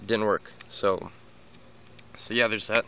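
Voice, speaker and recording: Low gravelly man rambling about dog training. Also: steady tone, slow, sharp tone, a little hiss or hum. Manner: rambling, many restarts and repeated words. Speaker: dog owner giving training tips. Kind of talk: casual unscripted vlog monologue.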